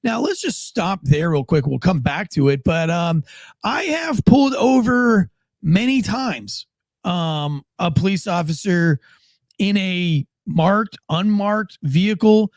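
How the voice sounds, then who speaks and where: Dry, slightly higher-voiced man chatting. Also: animated, slow pace, dry recording. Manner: laid-back, storytelling with acted-out quotes. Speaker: podcast co-host, former police officer. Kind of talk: casual chat.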